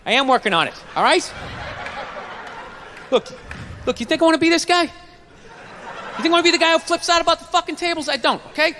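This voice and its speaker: A man's voice: very high voice, a little fast, long pauses, bright, forceful tone, slight background noise. A man doing a stand-up routine, ranting and swearing as he acts out arguments. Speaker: stand-up comedian.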